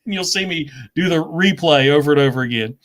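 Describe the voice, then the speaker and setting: A man with a voice on the high side hosts a relaxed conversation with a fellow creator, speaking briskly. He's chatty, laughs often, and gets animated while telling stories.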